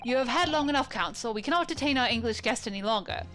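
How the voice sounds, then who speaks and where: A woman's voice: a little high, lively intonation, music in the background, natural voice. Woman reading as a formal old judge. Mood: stern. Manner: formal, measured court speech. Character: formal older male judge.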